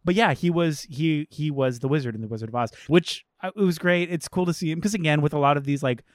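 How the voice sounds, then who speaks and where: A man's voice: a little high, fast, no room sound, clean studio sound. A man co-hosting a casual movie podcast, chatty, full of "like," swearing freely. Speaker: podcast co-host.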